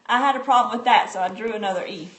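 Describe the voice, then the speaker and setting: A woman's voice: mid-range voice, fast talker. Woman, homeschool reading demo, chatty, answers comments, faint background noise, echoey room. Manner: chatty, answers viewer comments, frequent fillers and restarts. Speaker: homeschooling parent demonstrating a reading book. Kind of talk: casual live-stream demo.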